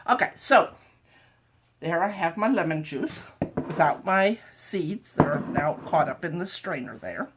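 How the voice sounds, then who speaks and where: A woman in her home kitchen walks viewers through a recipe at an easy, slow pace. Her lowish voice rises and falls a lot as she slips in wry asides. Faint noise sits under the recording. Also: expressive. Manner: chatty, wry, jokey asides. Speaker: home cooking vlogger. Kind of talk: casual cooking demo chat.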